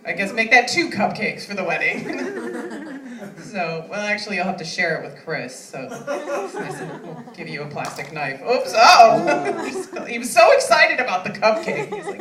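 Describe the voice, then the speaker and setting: Woman comic, thirties, chatty and self-mocking, animated delivery, echoey club heard from afar. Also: mid-range voice, a little slow, crowd noise. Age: 30s. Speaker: stand-up comic. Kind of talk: stand-up comedy. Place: comedy club stage. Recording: echoey room, mic at a distance.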